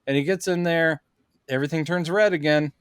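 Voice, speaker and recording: A man's voice: fairly high pitch, steady tone, brisk, smooth, no room sound, clean studio sound. A man, a podcast co-host, chatting casually as he recaps a film and acts out the characters' lines in funny voices.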